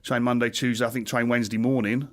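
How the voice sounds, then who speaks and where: A man who is a guest on a football podcast, a former manager talking through old times in a measured, self-deprecating way. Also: medium pitch, little pitch movement. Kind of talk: casual podcast chat. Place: studio.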